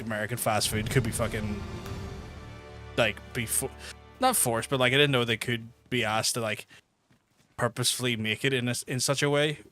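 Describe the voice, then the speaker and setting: A young man streaming a game, telling stories with free swearing and frequent laughs. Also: medium pitch. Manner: swears freely, laughs often, animated storytelling. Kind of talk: casual livestream commentary.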